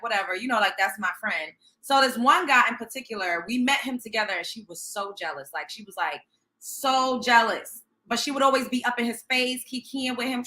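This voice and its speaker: Here's the young Brooklyn, New York host again, narrating a story with sass, bluntness and profanity. Her voice runs on the high side, bright and forceful.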